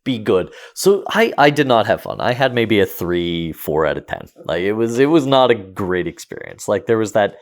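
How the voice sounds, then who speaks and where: A man co-hosting a casual podcast, reviewing a game with jokey, animated asides. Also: on the low side, moderate pace, hardly any pauses. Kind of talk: casual chat.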